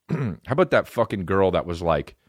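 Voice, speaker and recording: Man, comedy podcast host, low voice, very animated pitch, profane rambling rant, dry close sound. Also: normal speed, no room sound.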